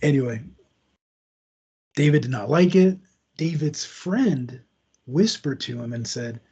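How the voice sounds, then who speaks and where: A man's voice: mid-range voice, lively intonation, slow pace, long pauses, mellow, breathy edge, lo-fi sound. A man hosting a podcast, casually retelling a true crime story in a loose, conversational way with asides. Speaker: podcast host.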